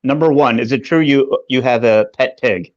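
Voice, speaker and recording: A man's voice: mid-range voice, normal speed, dry recording. A man hosting a podcast in casual chat, playful and teasing, laughing along. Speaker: podcast host. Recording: dry muffled lo-fi audio.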